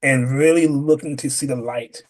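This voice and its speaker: Animated man telling stories. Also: medium pitch, moderate pace. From Rochester, New York. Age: adult parent. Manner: animated, acts out quoted dialogue. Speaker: podcast guest. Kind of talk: conversational interview.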